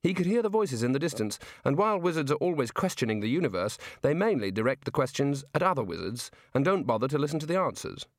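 A man reading an audiobook in even, measured scripted narration. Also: mid-range voice, no room sound, studio quality.

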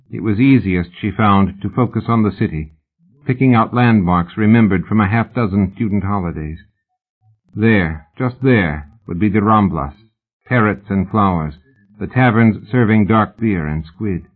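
A man reads a story aloud in a steady, even audiobook voice. His pitch sits on the low side, and the sound comes through thin and tinny, like a phone line. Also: measured pace. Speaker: narrator. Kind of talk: audiobook narration.

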